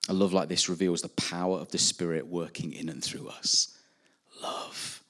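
A man's voice: low-pitched, little pitch movement, a little fast, a bit bright. Earnest man preaching. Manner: earnest preaching, rising and dropping emphasis. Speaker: pastor. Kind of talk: sermon.

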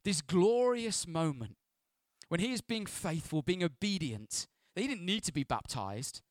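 A man preaching a sermon as pastor, animated, dropping to hushed asides and rising to loud, playful bursts. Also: high voice, a little slow, no echo, studio quality.

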